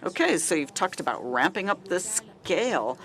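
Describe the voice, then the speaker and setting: Halting panel moderator. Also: mid-range voice, very animated, a bit bright.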